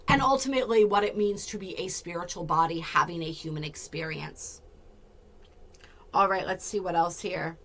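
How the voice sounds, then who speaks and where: A woman hosts a spiritual astrology talk. Her voice is bright and carries, and she thinks aloud as she speaks, pausing to find her words. Her pitch sits in the middle. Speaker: astrology channel host.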